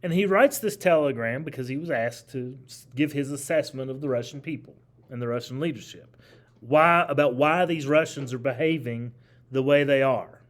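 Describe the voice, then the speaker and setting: A man's voice: medium pitch, moderate pace. A man teaching a history class, lecturing animatedly, asking the class questions and repeating key phrases.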